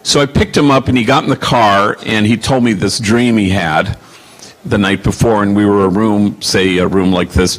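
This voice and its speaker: A man in his sixties with a lowish voice answers audience questions as a Jesuit priest. He tells stories slowly and reflectively, pausing with fillers as he searches for words. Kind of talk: Q&A storytelling.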